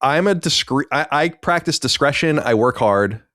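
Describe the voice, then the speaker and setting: A man's voice: mid-range voice, animated, moderate pace, a bit bright, dry recording, clean studio sound. A man co-hosting a video game podcast, talking in emphatic repeated lists. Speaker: podcast co-host. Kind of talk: casual chat.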